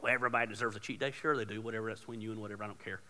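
A man preaching a sermon as pastor, casual and joking, building to loud emphatic points. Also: on the low side, steady tone, very fast, in a large hall.

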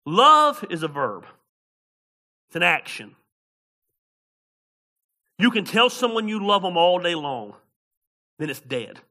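Middle-aged male pastor, very bright and forceful tone, higher than most men; sermon delivery that swings between loud and hushed, folksy slang. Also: very animated, slow, long pauses. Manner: swings between loud preaching and quiet storytelling.

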